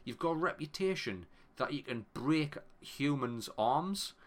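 With a voice on the high side and a slightly slow delivery, a podcast co-host in his thirties recounts a story in easygoing chat, full of energy and profanity and prone to breaking off mid-phrase. Crowd noise can be heard.

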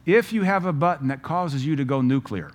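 A man preaching a sermon, firing off rhetorical questions and telling stories with lively energy. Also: fairly high pitch, a little fast. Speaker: pastor.

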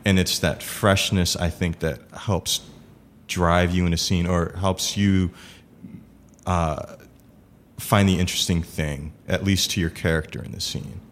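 A man in casual conversation about improv performance, talking in a halting way with many fillers and restarts. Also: low-pitched, steady tone, slight background noise.

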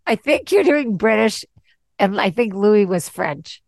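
A woman hosts a relaxed podcast chat, upbeat and prone to easy laughter. She talks slowly and with care. The sound is dry and close, with no room around it. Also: medium pitch, vocal fry, dry recording. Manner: laughs easily, chatty and upbeat. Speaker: podcast host.

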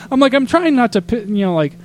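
A man from Arizona telling a travel story in casual podcast chat, exasperated and animated, acting out what people said. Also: very high-pitched, moderate pace, a little hiss or hum.

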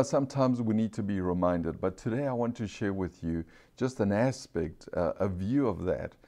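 Delivering a sermon, a man with a warm tone and a voice that sits low speaks in a non-standard English accent. He calls for amens, questions the congregation, and drops to a crawl to emphasize key phrases.

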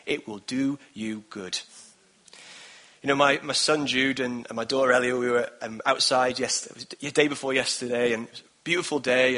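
A man's voice: medium pitch, pushed and bright. A man in his thirties preaching a sermon in an earnest, encouraging way, with repeated phrases. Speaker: pastor.

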